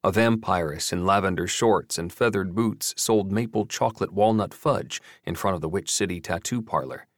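A man narrates an audiobook in a steady, wry storytelling manner. His voice sits a little low. The recording is dry and close. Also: normal speed, hardly any pauses, no echo.

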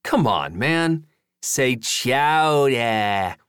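A man voicing an excitable, teasing young man in an audiobook, using a high, goofy, bossy voice. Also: normal speed, clear, resonant tone, no room sound, studio quality, natural voice. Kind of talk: audiobook character voice.

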